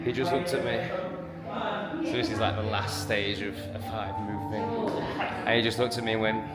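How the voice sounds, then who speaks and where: A man with an English accent vlogging casually to a handheld camera, swearing and ranting, swinging between loud bursts and low mutters. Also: flat delivery, moderate pace, loud music behind the voice. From England. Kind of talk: casual vlog monologue. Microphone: handheld camera on a gimbal.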